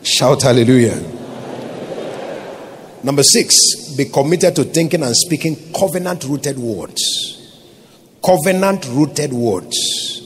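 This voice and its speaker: A man's voice: mid-range voice, slight background noise. A Nigerian man preaching a sermon as pastor, emphatic and calling out to his congregation for responses.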